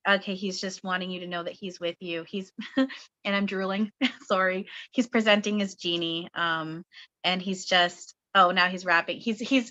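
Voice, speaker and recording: A woman's voice: lowish voice, fairly even intonation, normal speed, sharp tone, lo-fi sound. A Canadian woman in her thirties giving a rambling, giggly spiritual reading on a video call. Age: 30s. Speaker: guest channeler. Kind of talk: casual spiritual reading on a webinar.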